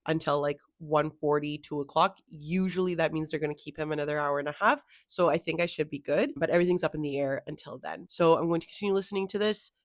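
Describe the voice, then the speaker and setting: A woman's voice: deep voice, fast talker, hardly any pauses, no room sound, clean studio sound. A young woman chatting casually in a reading vlog, talking about a book with lots of filler words. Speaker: book vlogger.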